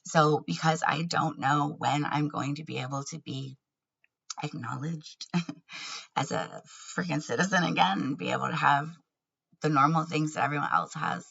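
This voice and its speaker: A woman's voice: deep voice, moderate pace, creaky, a bit bright, husky, muffled recording. A woman talking candidly in a personal vlog, earnest and laughing often between words. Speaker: vlogger.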